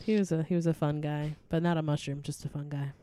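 A woman's voice: low voice, level tone, fast, dark tone, no echo, studio quality. A woman co-hosting a podcast, chatting casually, laughing often and telling stories with fillers. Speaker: podcast co-host; teacher. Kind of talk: casual chat.

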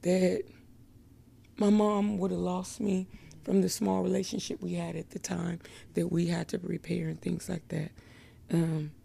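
Slow, gravelly woman giving testimony. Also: fairly low pitch, warm tone. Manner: slow and emotional, many "um" fillers, laughs often. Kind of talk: personal faith testimony.

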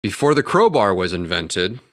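A man's voice: low voice, big pitch swings, moderate pace, a bit bright, dry recording, clean studio sound. A man co-hosting a podcast, making wisecracks and swearing in casual chat. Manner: wisecracking, profane. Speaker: podcast co-host.

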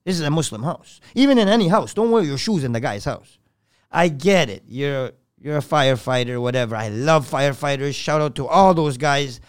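A man, a podcast guest, telling a story in casual, blunt and profane talk that swings between loud and hushed. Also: fairly high pitch, animated, fairly quick, clear, resonant tone.

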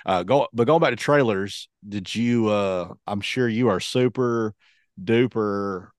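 A man's voice: lowish voice, unhurried, no echo, studio quality. A man co-hosting a podcast, telling stories in a rambling, self-mocking way. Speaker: podcast co-host. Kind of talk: casual chat.

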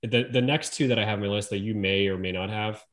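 A man co-hosts a podcast in relaxed, casual conversation, speaking a bit lower than most men. He stumbles and restarts his sentences over and over, and drops swear words for emphasis. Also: quick pace. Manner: stammering restarts, profane emphasis. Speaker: podcast co-host. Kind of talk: casual chat.

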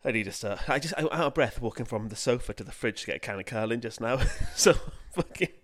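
A man's voice: medium pitch, expressive, fast, a bit bright. A young man co-hosting a podcast, rambling and laughing as he chats and narrates history. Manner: sweary, laughing, rambling banter. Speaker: podcast co-host. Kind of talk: casual chat and history narration.

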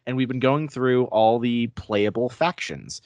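Explaining podcast co-host, dry mic. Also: male voice, medium pitch, unhurried, darkish tone, no room sound. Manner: explanatory, laughs often. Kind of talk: casual podcast chat.

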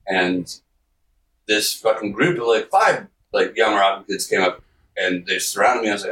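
Low-voiced man telling a wild story. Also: animated, brisk, sharp tone, reverberant, recorded from a distance, slight background noise, rough recording. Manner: rambling, profane, laughs often, acts out quotes. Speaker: podcast guest. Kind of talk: casual storytelling.

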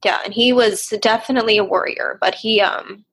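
A young woman therapist speaks in a candid interview as a guest, earnest and reflective and at times emotional. Her voice is on the high side, fairly quick and fairly bright, with a steady tone and a slight roughness.

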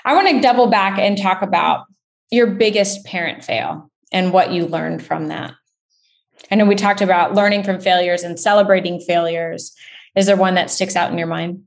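A woman's voice: on the low side, moderate pace, gravelly. A woman hosting a podcast, asking encouraging questions in casual chat. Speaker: podcast host.

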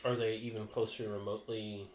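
A man's voice: fairly low pitch, flat delivery, brisk, reverberant. An American man co-hosting a podcast in casual chat, joking and bantering. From United States. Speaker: podcast co-host.

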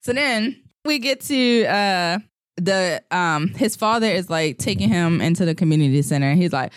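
A man's voice: high-pitched, expressive, normal speed, smooth, dry recording. Podcast co-host, man, casual rambling recap with bits of acted dialogue; dry, close recording. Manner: rambling storyteller, acts out lines.

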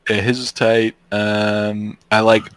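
Male podcast co-host, low voice, relaxed and halting. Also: clear, resonant tone, no room sound. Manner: laid-back, hesitant, many ums. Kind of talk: casual sports chat.

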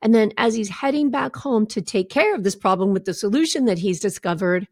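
A woman's voice: mid-range voice, a little fast, no room sound, studio quality. A woman hosting her own podcast as a coach, telling personal stories in an earnest way and often checking in with "right?". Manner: earnest storyteller who often asks "right?". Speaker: podcast host and recovery coach.

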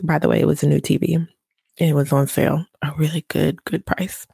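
A young mother talks casually to her viewers, laughing as she tells a story with a little drama. Her voice sits low and mellow, with a gravelly, husky edge. The sound is dry and close. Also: little pitch movement, a little fast, no echo. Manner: chatty, laughing, dramatic retelling. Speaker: vlogger, mother. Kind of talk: casual motivational vlog.

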